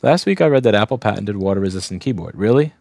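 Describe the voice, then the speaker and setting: A man's voice: fairly low pitch, animated, fast, gravelly, darkish tone, no echo, studio quality. A young adult man from Staten Island, a repair technician casually talking through a bench test on a livestream, thinking aloud, restarting sentences and speaking bluntly. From Staten Island, New York.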